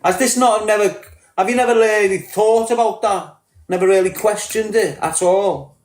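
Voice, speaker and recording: A man's voice: high voice, moderate pace, roomy sound. A man with a Liverpool accent ranting bluntly on a podcast, combative and full of swearing. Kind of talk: heated podcast rant.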